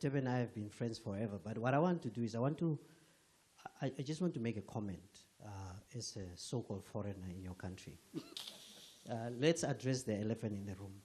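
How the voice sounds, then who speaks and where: A man's voice: lowish voice, a little fast, mellow, slight background noise. A man from Namibia speaking from the floor at a book launch, earnest and emphatic, with frequent restarts. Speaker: audience member commenting. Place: event hall with audience.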